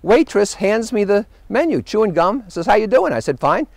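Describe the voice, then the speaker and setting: Lively, wry male storyteller. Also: sits high, normal speed, gravelly, no echo. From United States. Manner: animated storyteller, wry punchlines. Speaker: host. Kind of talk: anecdotal travel monologue.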